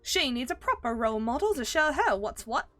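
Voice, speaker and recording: A woman's voice: high-pitched, big pitch swings, brisk, a bit bright, soft background music, voice pushed up. A woman voicing a spirited young female companion who talks in a teasing, playful way.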